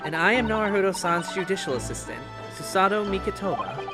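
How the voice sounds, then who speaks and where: A man voicing a polite young Japanese woman who works as a legal assistant, speaking softly and properly, with game music behind. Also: high-pitched, animated, fairly quick. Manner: soft, courteous, proper.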